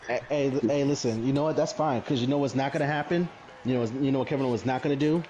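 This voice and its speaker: A man's voice: mid-range voice, fast talker, dark tone, highs cut off, a little hiss or hum. A man co-hosting a casual wrestling podcast, ranting in an exasperated way. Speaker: podcast co-host.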